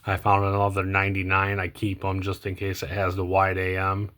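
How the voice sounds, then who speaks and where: A young man talking casually about coins as he sorts them, rambling and hesitant with many ums and self-corrections, often trailing off quietly. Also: monotone, brisk. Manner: low-key, trails off quietly at phrase ends. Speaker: coin collecting vlogger. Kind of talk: casual unscripted commentary while sorting coins.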